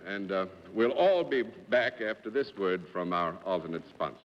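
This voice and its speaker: A low-voiced man hosts a live panel show with a courteous, formal manner and a lively, rising and falling delivery. The sound is a lo-fi 1950s broadcast with long hall reverb and faint hiss. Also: moderate pace. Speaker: game show host.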